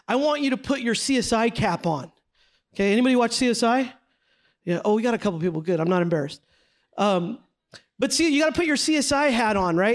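High-pitched man leading a Bible study class, energetic and chatty, quizzes his listeners as he goes. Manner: energetic, conversational, asks the group questions. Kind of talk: classroom teaching with slides. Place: classroom with a group.

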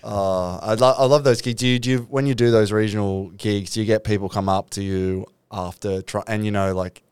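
Low, smooth-voiced man chatting. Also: fairly even intonation, brisk, darkish tone, no echo. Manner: chatty, asks questions, acts out quotes. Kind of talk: casual chat.

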